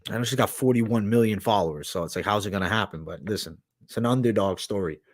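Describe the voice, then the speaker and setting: A man's voice: lowish voice, fast talker, dry recording, studio quality. A young man hosting a livestream, talking in a crude, rambling, profanity-heavy slang as he reads and answers chat. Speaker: livestream host.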